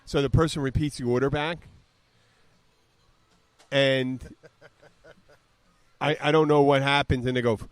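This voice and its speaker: A man's voice: medium pitch, fairly even intonation, measured pace, long pauses, smooth, dry recording. A man in his fifties from the southern United States hosting a podcast, rambling through stories in casual chat and mimicking voices as he retells them. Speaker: podcast host.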